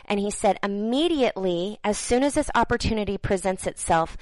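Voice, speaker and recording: A woman delivering prophetic words to viewers as a minister, earnest and halting, repeating phrases for emphasis and dropping into soft, near-whispered passages. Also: medium pitch, animated, dry recording, poor audio.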